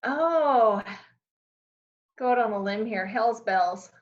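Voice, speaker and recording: A woman answering quick questions in a casual chat, giving brief answers and laughing, on a dull lo-fi recording. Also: fairly high pitch, expressive. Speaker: guest. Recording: dull lo-fi sound.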